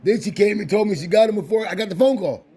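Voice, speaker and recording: A man's voice: sits high, fast talker, warm tone. A man telling a family story in a casual, emotional way, repeating phrases and restarting his sentences. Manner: repetitive, restarts phrases, insistent.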